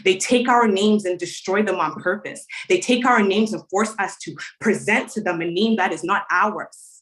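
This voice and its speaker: A woman's voice: mid-range voice, moderate pace, a bit bright, rough recording. A young adult woman from Canada performing a spoken word poem at an open mic, impassioned and rhythmic, with repeated phrases.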